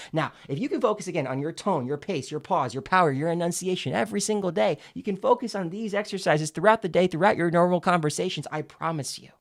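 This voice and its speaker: A man teaching public speaking in an instructional video, emphatic and clearly enunciated, demonstrating exercises as he explains them. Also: fairly high pitch.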